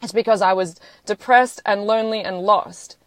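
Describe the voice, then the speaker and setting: A woman's voice: medium pitch, moderate pace, no room sound. A woman in her thirties talking on a live stream, earnest and close to tears, swearing freely as she speaks. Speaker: social media livestreamer. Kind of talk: emotional live-stream monologue.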